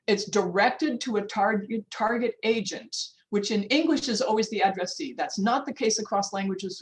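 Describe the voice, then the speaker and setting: A medium-pitched older woman, a linguistics professor from the United States, talks through an academic workshop lecture on a video call. She's conversational and informal, restarting often, making asides, and announcing the time. The recording is low quality.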